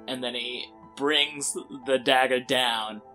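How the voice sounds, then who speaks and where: A man taking part in a tabletop game, talking casually and filling gaps with "like". His voice is bright and forward, with faint music under it. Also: mid-range voice, steady tone, slow pace. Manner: casual, with frequent "like". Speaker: player.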